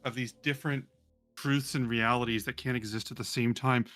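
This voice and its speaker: A man's voice: medium pitch, steady tone, fairly quick, fairly bright tone, faint music behind. Man narrating as game master. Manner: descriptive, with fillers like "like".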